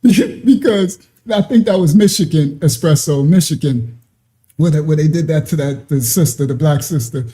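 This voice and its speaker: A man's voice: fairly high pitch, moderate pace, mellow, breathy edge. A man hosting casual commentary, giggly and self-mocking. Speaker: host.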